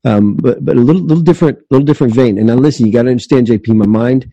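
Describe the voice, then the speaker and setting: A man's voice: mid-range voice, racing, warm tone, no echo, lo-fi sound. A man hosting an interview, asking questions and rambling earnestly. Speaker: podcast host for preachers. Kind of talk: casual interview talk.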